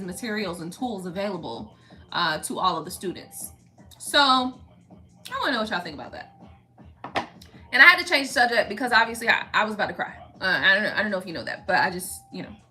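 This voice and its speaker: A woman's voice: medium pitch, sharp tone. A woman hosting a tarot reading in a rambling, chatty way, talking straight to her viewers and often restarting her sentences. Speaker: tarot reader and channel host. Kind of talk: casual chat with viewers.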